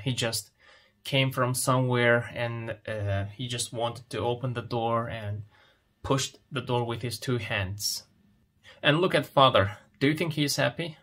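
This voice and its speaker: A man teaches English at a very unhurried pace. His voice is bright and forward, and he asks simple questions about a picture story and then answers them himself. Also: mid-range voice. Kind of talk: slow explanatory lesson, reading a picture story.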